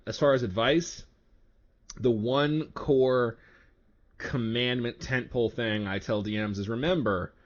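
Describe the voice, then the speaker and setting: Loud, animated man on a lo-fi podcast. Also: on the low side. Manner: loud, animated, laughs often. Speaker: game master and podcast co-host. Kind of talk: casual podcast chat.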